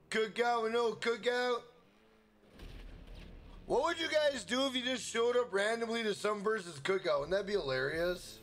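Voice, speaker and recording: A man's voice: high-pitched, a little slow, slight background noise. A young man from Minnesota live streaming a game, chatting casually, swearing freely and hyping up his chat. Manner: hyped, profane, shouts out chat members.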